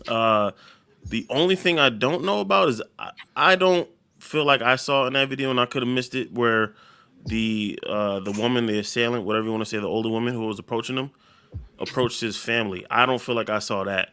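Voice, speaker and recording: A man's voice: mid-range voice, fairly quick, bright, forceful tone, smooth. A man co-hosting a casual talk show, speaking carefully and hedging his opinions. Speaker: co-host. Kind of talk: casual chat.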